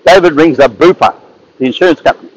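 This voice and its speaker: A man's voice: fairly high pitch, fast talker, no echo, lo-fi sound. A man telling stories in a casual monologue, rambling and often repeating and restarting his words. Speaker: speaker sharing advice.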